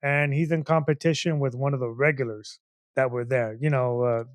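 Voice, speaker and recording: A man's voice: mid-range voice, moderate pace, no room sound, clean studio sound. Rambling man telling a comic story. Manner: rambling, animated, heavy on "you know what I mean". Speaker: podcast co-host. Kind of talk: casual comedic storytelling.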